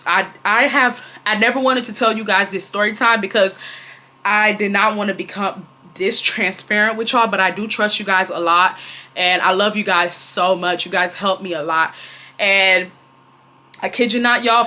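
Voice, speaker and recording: A woman in her 20s from Houston, Texas, tells a casual storytime vlog in a bright, forceful, medium-pitched voice. She speaks emphatically, repeats herself, and addresses her viewers directly.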